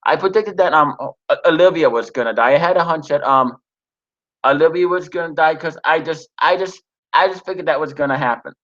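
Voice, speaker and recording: A man with a slightly high voice reads a TV recap and then shares his own review. He stops and restarts often and fills pauses as he goes. The recording sounds dull and lo-fi. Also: fairly bright tone. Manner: halting, frequent restarts and pauses. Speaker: TV episode reviewer.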